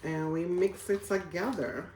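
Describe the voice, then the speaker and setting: A woman's voice: lowish voice, fairly even intonation, unhurried, darkish tone, reverberant, a little hiss or hum. A woman in her forties, chatting casually as a vlogger while cooking at home, rambling with lots of fillers. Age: 40s.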